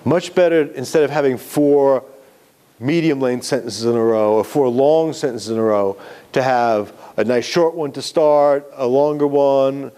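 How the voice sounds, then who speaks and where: In a clear, resonant, dark voice of medium pitch, a man teaches a writing class at a measured pace. His delivery is chatty and self-correcting, and he regularly asks his students questions.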